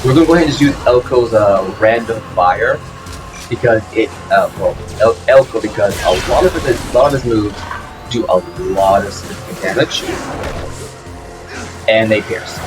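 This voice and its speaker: A man with a low voice hosts a let's play at a moderate pace, talking loosely over game music with frequent fillers and restarts. The recording is low quality.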